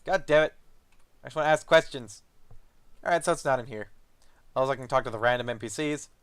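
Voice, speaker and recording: A man's voice: mid-range voice, fairly quick, a bit bright, clean tone, no echo. A young man streaming a fantasy computer game, chatting loosely, swearing and reading character lines aloud in a mock-posh voice. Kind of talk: casual live-stream commentary, reading game dialogue aloud.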